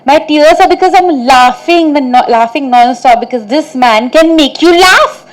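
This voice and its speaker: An actress fields reporters' questions, telling stories in a loose, chatty flow full of "like" and "you know." Her voice sits a little higher than most women's, and she laughs easily as the anecdotes get funnier. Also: expressive, moderate pace, poor audio. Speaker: actress answering press questions. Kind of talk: press conference answers.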